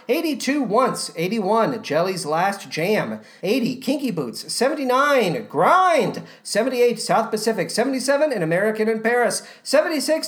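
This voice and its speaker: Woman podcast host, ranked countdown, theatrical sing-song delivery, rather high voice, swooping pitch.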